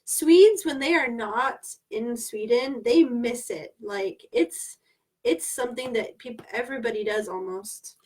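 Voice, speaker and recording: A woman's voice: a little high, a little slow. A woman co-hosting a casual language livestream, translating and asking questions as she learns. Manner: repeats phrases, translates and asks questions. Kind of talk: casual teaching chat.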